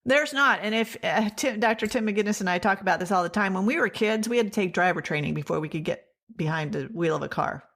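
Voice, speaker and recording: A woman telling her personal story as an interview guest, animated and acting out the dialogue she quotes. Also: medium pitch, quick pace, hardly any pauses.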